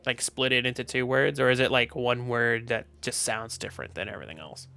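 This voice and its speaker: A man with a Southern US accent chatting casually on his stream, loose, profane and quick to laugh. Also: medium pitch, gravelly, pushed and bright. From Southern United States. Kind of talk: casual livestream chat.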